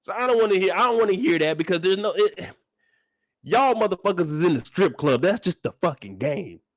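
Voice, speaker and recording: A young channel host with a high voice reacts to a TV episode in casual commentary, ranting loudly and animatedly with lots of cussing. He talks fairly quickly, his pitch swooping all over, and there's no echo.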